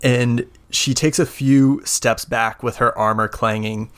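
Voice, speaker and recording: A man narrates a tabletop role-playing game as its game master. He describes the action in a loose, easygoing way, often pausing with "uh" and "like". His voice is of middling pitch for a man. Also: smooth. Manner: relaxed, filler-heavy narration with many "like" and "uh".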